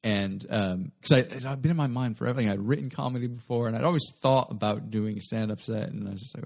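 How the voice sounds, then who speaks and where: A man's voice: on the low side, quick pace, creaky, few pauses, darkish tone. A young adult man, a guest comedian, telling a rambling story in a casual interview and often correcting himself mid-sentence.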